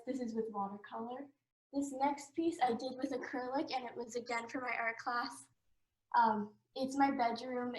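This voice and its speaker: A young woman, an art student, presenting her own artwork in a casual, hesitant way, with frequent ums and a little out of breath. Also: fairly high pitch. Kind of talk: casual showcase talk. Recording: echoey room.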